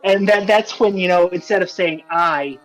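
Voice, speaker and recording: Male co-host, high-pitched, halting careful explainer in casual chat. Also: flat delivery, rough recording. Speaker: let's play co-host.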